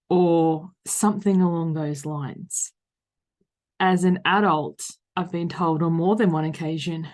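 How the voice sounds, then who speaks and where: A woman in her thirties with an Australian accent, hosting a solo podcast as a coach and talking loudly, frankly and conversationally. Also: lowish voice, steady tone, a little slow. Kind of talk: reflective solo podcast monologue.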